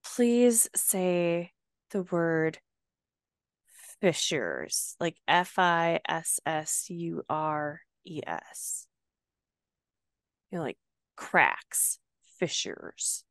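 A woman from the US Midwest, co-hosting a casual book podcast, playful and quick to drift off topic. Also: on the low side, clean tone, dry recording, studio quality. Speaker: podcast co-host reading a book aloud. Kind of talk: casual book-club chat and reading aloud.

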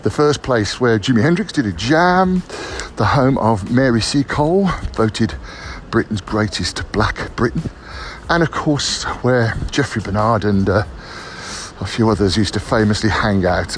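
A man's voice: on the low side, lively intonation, normal speed, slight background noise. A man, a writer, giving a playful, theatrical vlog update while walking outdoors on city streets. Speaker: writer and pub crawl founder.

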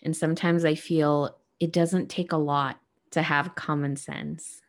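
A woman hosting a reflective spiritual monologue, speaking gently and earnestly to her listeners. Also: deep voice, fairly even intonation, measured pace. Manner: gentle, soft-spoken, earnest.

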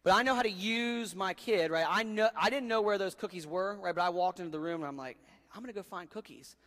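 A man's voice: sits high, quick pace, fairly bright tone, long reverb tail. A man preaching a sermon in a casual, joking way, calling his listeners guys and dude. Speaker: pastor.

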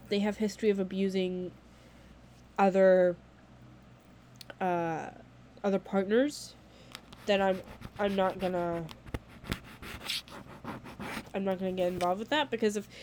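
A woman's voice: medium pitch, darkish tone, a little hiss or hum. A young woman talking casually to camera in a vlog, candid and blunt, swearing freely and filling her speech with "like.".

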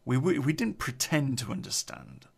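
A man's voice: mid-range voice, huge pitch swings, normal speed, vocal fry, husky. A man telling an unedited personal story on a podcast, blunt, sweary and rambling, drinking beer as he talks.

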